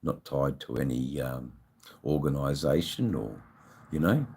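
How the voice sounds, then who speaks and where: A man's voice: extremely low pitch, expressive, unhurried, gravelly, darkish tone, a little hiss or hum. An Australian man hosting a casual live stream, rambling and swearing freely as he chats with his viewers. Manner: rambling, swears freely, many "you know"s.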